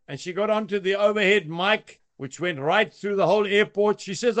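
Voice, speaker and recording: A man's voice: high-pitched, normal speed, few pauses. A man giving a short daily devotional, telling anecdotes with chuckles. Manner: warm storytelling with chuckles. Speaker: devotional speaker.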